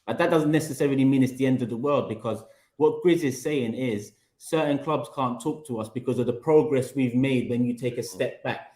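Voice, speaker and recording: A man with a London accent hosting a casual football debate, reasoning his points through calmly. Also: medium pitch, brisk. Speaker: podcast host. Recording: echoey room.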